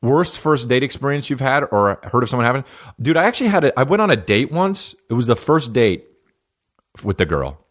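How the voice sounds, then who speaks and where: A man's voice: mid-range voice, very animated, a little fast, fairly bright tone. A man hosting a solo comedy podcast, reading out fan questions and riffing in a profane, sarcastic way. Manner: profane, sarcastic, jumps into mocking voices.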